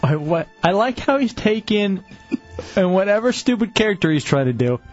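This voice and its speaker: A man's voice: high-pitched, sing-song, moderate pace, dull audio, faint music behind. A man hosting a talk radio show, teasing his guests in a sarcastic, joking way. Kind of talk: casual radio banter.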